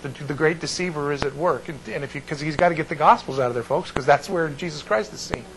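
A man's voice: fairly high pitch, fast, noisy background. A man teaching a Bible class, digressing and breaking off mid-sentence while checking in with his students.

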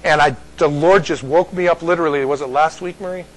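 A man's voice: fairly high pitch, quick pace, rough recording. Folksy man teaching the Bible. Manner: rambling, folksy, asks "you see?" often. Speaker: pastor.

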